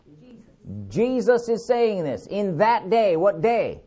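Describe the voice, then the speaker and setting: A man preaching a sermon, emphatic, repeating key words and slowing down to read scripture. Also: high voice, very animated, dark tone.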